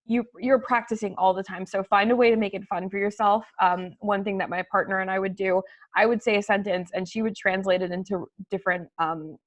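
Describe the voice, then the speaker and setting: A woman guest on a webinar, talking in an animated, emphatic way and laughing easily. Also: mid-range voice, fairly quick, few pauses. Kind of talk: casual webinar chat.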